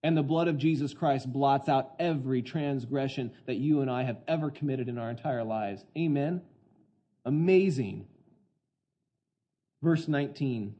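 A man preaching an expository sermon in an excitable, conversational way, often putting questions to the congregation. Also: medium pitch, unhurried, muffled recording. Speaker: pastor.

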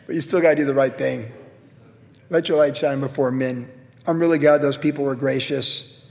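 Middle-aged male pastor, lively storytelling sermon, slightly high voice, echoing hall. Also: a little fast. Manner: animated storytelling, acts out quoted voices, laughs at himself.

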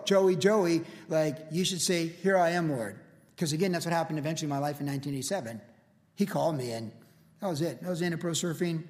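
A man in his sixties preaching a verse-by-verse sermon in a relaxed, chatty way, filling his stories with "like" and "you know". His voice sits a little high for a man. The sound carries the long reverb of a church hall. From United States. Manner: casual storytelling with lots of "like" and "you know". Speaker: pastor.

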